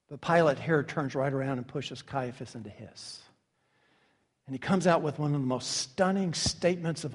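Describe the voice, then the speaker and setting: A man preaching a sermon as pastor, dramatic and emphatic, dropping to hushed asides and acting out quoted figures with sarcasm. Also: sits high. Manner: acts out quoted figures with sarcastic mock voices. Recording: long hall reverb.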